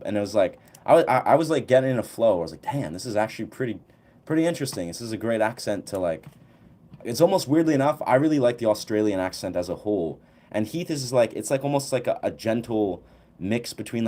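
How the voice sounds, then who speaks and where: A man's voice: on the low side, dark tone. A young man hosting a casual livestream, chatting with viewers in a loose, rambling way full of fillers. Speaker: livestream host. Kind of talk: casual chat answering viewers.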